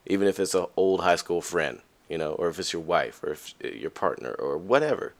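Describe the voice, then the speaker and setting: A man hosting a podcast, talking candidly and casually to listeners, with frequent fillers and restarts, and his voice jumps up high when he stresses a point. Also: a little fast, few pauses. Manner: lively, pitch jumps high for emphasis. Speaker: podcast host. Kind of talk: casual motivational monologue.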